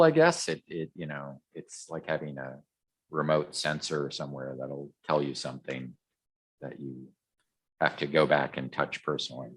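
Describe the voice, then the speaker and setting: A man co-hosting a podcast, chatting casually through a comic recap with lots of ums and restarts. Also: very deep voice. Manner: rambling, many ums and restarts. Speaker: podcast co-host. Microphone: podcast microphone.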